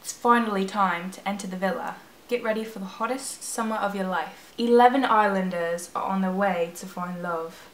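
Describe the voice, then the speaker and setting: A woman's voice: mid-range voice, normal speed, reverberant, slight background noise, natural voice. A woman putting on an attempted British accent to read a game's narration aloud, with an exaggerated, dramatic delivery. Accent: attempted British, put on badly. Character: female game narrator in a mock British accent. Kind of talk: reading game text aloud.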